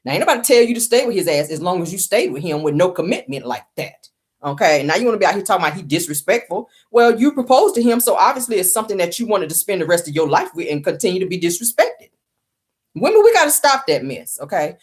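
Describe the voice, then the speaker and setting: A woman's voice: fairly low pitch, sing-song, quick pace. Sassy woman dishing celebrity gossip. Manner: sassy, opinionated, calls viewers honey. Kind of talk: casual celebrity gossip commentary.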